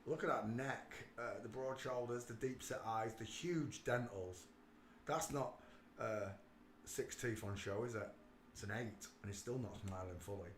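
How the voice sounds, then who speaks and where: A man hosting a casual livestream, talking emphatically and swinging between quiet muttering and loud outbursts. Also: medium pitch, a little slow, roomy sound, a little hiss or hum. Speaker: livestream host.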